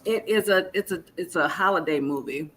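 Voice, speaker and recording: A woman's voice: on the low side, normal speed, a bit bright, a little hiss or hum, poor audio. A woman comedian chatting casually on a group video call, slangy and laid-back, trailing off with fillers.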